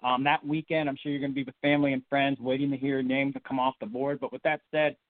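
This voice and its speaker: Fast-talking male sports podcast host. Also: mid-range voice, flat delivery. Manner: upbeat, rambling with repeated words. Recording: phone-line audio.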